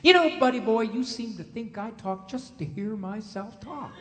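A man voicing a loud, nagging mother who lectures her child without end, in an echoey hall. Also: sits high, big pitch swings, normal speed. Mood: scolding. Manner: loud, nagging, exaggerated tirade. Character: scolding middle-aged mother, endless lecturer.

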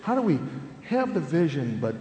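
A man in his fifties gives an animated, joking conference talk, his pitch bouncing up and down as he tells family stories. He keeps tagging "okay?" onto his sentences. The sound is roomy, with a long hall reverb and faint background noise. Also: normal speed. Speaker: speaker at a Catholic family ministry conference.

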